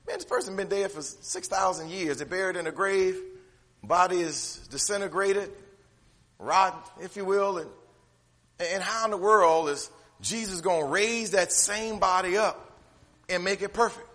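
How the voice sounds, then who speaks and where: A man preaching a sermon as pastor, folksy and conversational, moving from quiet asides to loud shouted lines. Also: sits high, a little slow. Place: church sanctuary. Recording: echoey hall.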